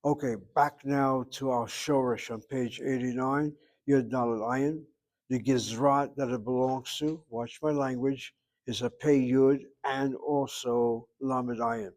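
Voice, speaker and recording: A man's voice: mid-range voice, fairly even intonation, slow pace, darkish tone. A man teaching a Hebrew grammar class, explaining at length with wry asides and calling on students by name. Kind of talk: online class lecture.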